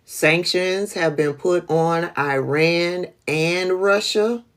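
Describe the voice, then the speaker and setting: Woman, livestream host, slow delivery, blunt, profane, laughing, casual commentary. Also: on the low side. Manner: blunt, profane, laughing, talks to chat viewers by name.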